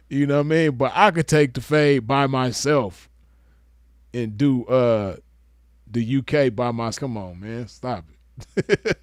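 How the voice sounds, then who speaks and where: A young West Coast man offers casual commentary, laid-back and slangy, chuckling as he argues his point. He takes it slowly in a middle-pitched voice, recorded dry and close with no room sound.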